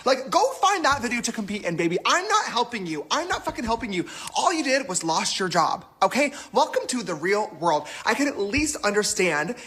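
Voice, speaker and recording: Brief: sassy man on a sarcastic rant, lively pitch, bright tone. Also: a little fast, few pauses, slightly rough. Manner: mocking, sassy, expressive. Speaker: influencer in a played clip.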